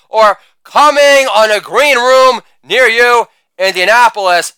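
A male comedian doing a crude insult roast, with brash delivery and shouted catchphrases. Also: very high-pitched, slow pace, clear, resonant tone, no room sound.

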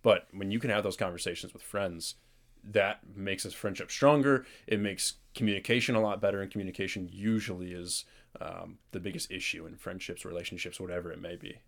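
A man's voice: low-pitched, steady tone, a little fast. A young man co-hosting a podcast, chatting casually and reflectively with a friend. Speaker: podcast co-host. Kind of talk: casual chat.

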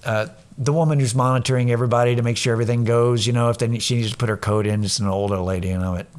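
A man's voice: medium pitch, fairly even intonation, very fast. A man telling a casual, profane, self-mocking story about his day.

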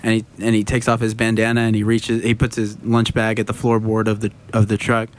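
A man's voice: fairly low pitch, fairly quick. A man chatting casually, telling a story and acting out the dialogue, swearing freely. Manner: animated storytelling, acts out dialogue. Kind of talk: casual chat.

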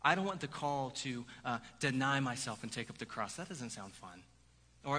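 A pastor preaching a sermon in a lively, conversational way, with "right?" asides to the congregation. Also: male voice, mid-range voice, moderate pace, slightly rough. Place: church sanctuary. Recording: hall reverb.

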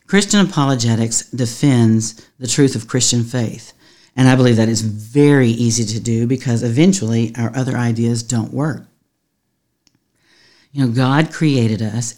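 A woman's voice: very deep voice, dark tone. Brief: woman pastor, podcast teaching, earnest and chatty. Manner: earnest, conversational, laughs often.

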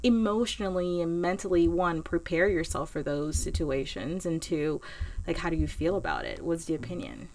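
A woman's voice: on the low side, animated, normal speed, a little mellow. A woman asking questions in casual conversation, with many "like" fillers. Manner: questioning, lots of "like". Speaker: interviewer.

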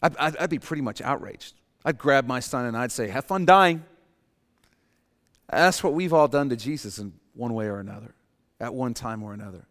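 A man preaching a sermon as pastor, swinging between forceful rises and quiet, emphatic drops. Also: mid-range voice, a little fast. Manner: dynamic preaching, dropping to quiet emphasis and rising for acted quotes. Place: church sanctuary. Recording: long hall reverb.

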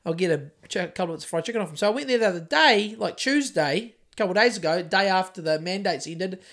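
A woman's voice: lowish voice, lively intonation, quick pace. A woman co-hosting a podcast, telling stories in a casual, ranting way and swearing a lot. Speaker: podcast co-host. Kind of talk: casual chat.

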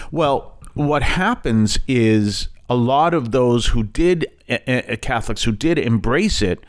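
A man with a Boston accent, a Catholic priest hosting a radio talk show in a chatty, digressive way with light self-deprecating asides. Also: mid-range voice.

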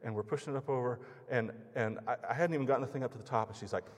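With a medium-pitched voice, a man races through a sermon told as a personal story, keeping it conversational and voicing each character's lines himself. The long reverb of a large hall hangs over the recording.

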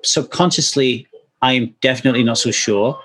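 A man's voice: medium pitch, normal speed, fairly bright tone. Earnest man in candid chat. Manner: earnest, swears casually, repeats words as he restarts; acts out quoted speech animatedly.

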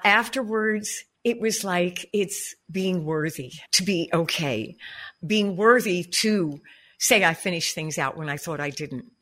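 An older woman, a performer and vocal coach, chats as a podcast guest. She rambles freely and laughs easily. Her voice is bright and clear. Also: lowish voice, a little slow. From United States. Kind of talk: casual interview talk.

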